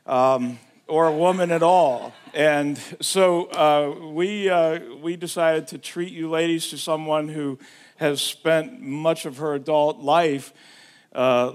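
A man introducing a guest speaker to his church, pausing often with fillers. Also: fairly high pitch. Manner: hesitant, with many fillers. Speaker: pastor.

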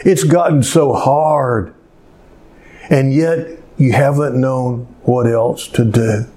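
A man preaching a sermon in an earnest, slow manner, telling a story with dramatic pauses. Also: medium pitch, fairly even intonation, dark tone. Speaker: pastor.

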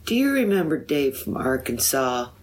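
A woman reading a poem aloud, voicing a gentle, dreamy wife who raises her voice to be heard. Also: extremely low pitch, lively intonation, slow pace, voice pushed up, heavily acted. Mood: calling out.

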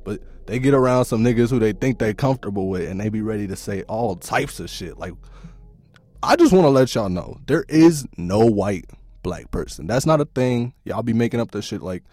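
A podcast host with a lowish voice goes on a casual, profane comedic rant packed with laughter, talking at a normal speed. His storytelling is animated and foul-mouthed, and the recording is dry.

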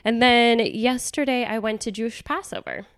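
A woman's voice: a little high, moderate pace. A young woman co-hosting a podcast in casual chat, with a nasal voice from a cold, talking chattily with lots of fillers. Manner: chatty, animated, frequent laughs and "like" fillers. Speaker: podcast co-host.

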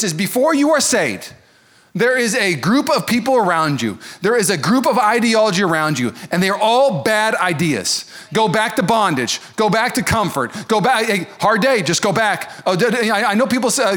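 A man preaching a sermon as pastor, animated and joking, acting out quoted voices. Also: high voice. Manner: animated, jokey, acts out voices of others.

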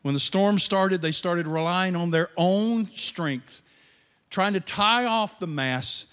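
A man preaching a sermon as pastor, animated, with quiet asides. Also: sits high, slow, clear, resonant tone. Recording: long reverb of a large hall.

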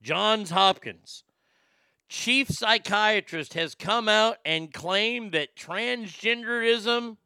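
A man's voice: high-pitched, takes it slowly, bright, forceful tone, clear, resonant tone, no echo. A man hosting a talk show, giving casual news commentary that rambles and stammers, with crude joking asides.

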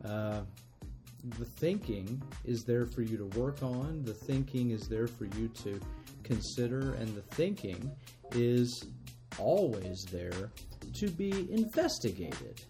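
A man hosts in a calm, reflective way and speaks softly and slowly. Faint music plays behind his voice. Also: mid-range voice. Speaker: co-host. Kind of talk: casual show talk and reading aloud.

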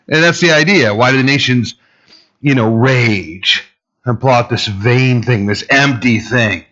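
A man giving a loose, conversational sermon, his speech full of fillers, asides and restarts. His voice sits at an ordinary middle pitch and climbs when he presses a point. The recording is a little dull and lo-fi. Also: a little slow, fairly bright tone. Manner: casual and rambling, heavy fillers, rises in pitch for emphasis. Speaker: pastor.

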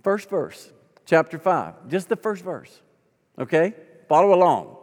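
A man's voice: high voice, sing-song, a little slow, darkish tone, in a large hall. A man in his sixties, a pastor telling stories in a conversational, folksy sermon style. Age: 60s. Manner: folksy, conversational, acts out quoted dialogue. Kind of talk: storytelling sermon.

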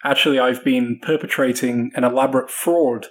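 A British-accented man speaking as an author and podcast guest, with a voice of middling pitch. He talks in a measured way, with dry humor and frequent hesitant fillers. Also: fairly even intonation. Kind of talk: casual podcast interview.

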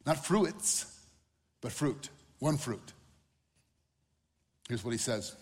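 A man's voice: mid-range voice, expressive, slow pace, pauses often. Man preaching in a reverberant hall. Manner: conversational, acts out quotes with humor. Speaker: pastor. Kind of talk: sermon.

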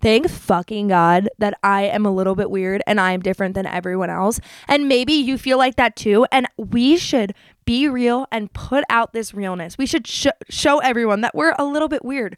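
A young woman from New Jersey hosts a podcast, speaking in a fairly high voice at an ordinary pace. She's chatty and candid about her life, livening a casual confessional monologue with quoted voices. The studio-quality recording carries no echo.

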